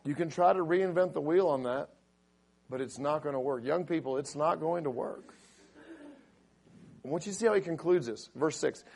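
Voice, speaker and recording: A middle-aged pastor preaching with a raspy, fairly high voice. He reads scripture aloud and builds to loud, emphatic points. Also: moderate pace, long pauses. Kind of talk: sermon.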